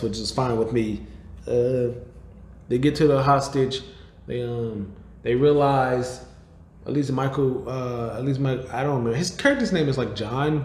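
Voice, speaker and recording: A podcast host casually recapping a movie, rambling, cursing and interrupting himself. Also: male voice, mid-range voice. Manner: rambling, profane, self-interrupting. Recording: roomy echo.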